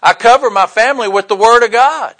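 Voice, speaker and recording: An older man, preaching a sermon in a folksy, joking way, with loud bursts and quiet asides. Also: very high voice, a little fast. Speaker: pastor.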